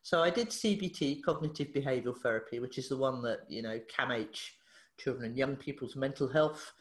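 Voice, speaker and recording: A woman, a therapist guest on a podcast, telling a story in a lively way, acting out the dialogue and laughing often. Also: extremely low pitch, fairly quick. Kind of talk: animated storytelling in an interview. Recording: echoey room.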